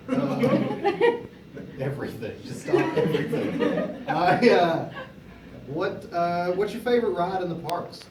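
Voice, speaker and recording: A young man moderating a convention panel, telling a casual anecdote with frequent laughter. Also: a little high. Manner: animated storyteller, laughing often. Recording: echoey room, distant mic, background noise.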